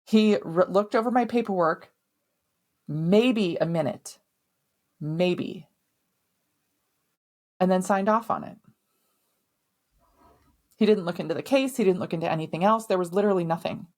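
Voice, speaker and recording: A woman's voice: fairly low pitch, a little slow, pauses often, a little mellow. Candid, emphatic woman telling her story. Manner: candid, emphatic, swears now and then. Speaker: podcast host. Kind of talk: personal storytelling.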